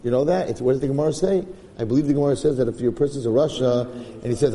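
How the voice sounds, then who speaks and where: A man's voice: mid-range voice, fast, warm tone, long reverb tail. A man giving an informal, joking Torah class, acting out stories as he goes. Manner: joking, conversational, acts out stories. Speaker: Torah teacher.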